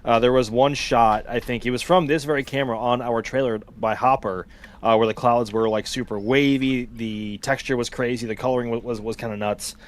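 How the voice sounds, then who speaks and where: A man's voice: medium pitch, steady tone, brisk. A man co-hosting a live launch stream, talking in a thoughtful, meandering way. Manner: thoughtful, many fillers and restarts. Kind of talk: casual live-stream commentary.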